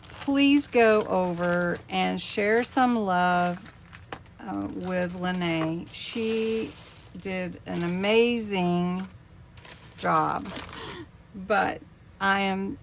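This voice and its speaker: A woman in her fifties hosting a casual craft unboxing vlog, emotional and gushing, with halting pauses. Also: medium pitch, a little hiss or hum. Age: 50s. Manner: emotional, gushing, breathy exclamations. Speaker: craft channel host.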